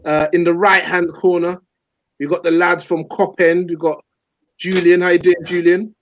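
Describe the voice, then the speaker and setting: Casual male podcast host, slightly high voice, dull lo-fi dry sound, friendly banter. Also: moderate pace. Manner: relaxed, jokey, calls guests brother and man. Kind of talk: casual live podcast hosting.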